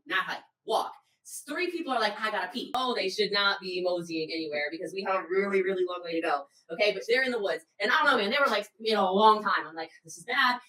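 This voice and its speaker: Fast, bright-voiced woman telling a dramatic story. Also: mid-range voice, distant mic. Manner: dramatic, acts out quotes, swears, loud outbursts. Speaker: business leader telling a story. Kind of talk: animated storytelling to camera. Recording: roomy echo, a little off mic.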